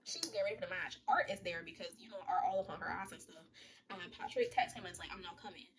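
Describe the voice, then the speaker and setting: A young woman, casually recapping a movie, quoting the characters in quick voices and laughing often. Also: fairly low pitch, crowd noise. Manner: chatty, retells scenes in quick quoted voices, laughs often.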